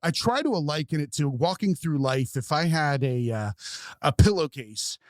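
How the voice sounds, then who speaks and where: A man's voice: a little high, expressive, moderate pace, dry recording, clean studio sound. A man hosting a podcast, talking candidly and casually, swearing freely and repeating words as he thinks. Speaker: podcast host. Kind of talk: casual conversation.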